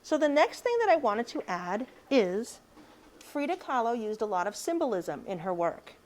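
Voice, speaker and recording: Woman, art teacher, higher voice, step-by-step explaining. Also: sing-song, moderate pace, a little mellow. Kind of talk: art lesson.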